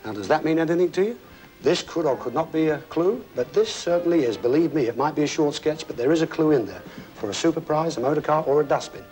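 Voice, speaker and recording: A man's voice: fairly high pitch, expressive, fast, darkish tone, soft background music, poor audio. A man hosting a television game show, chatty and jokey, talking to contestants and a studio audience. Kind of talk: upbeat studio presenting.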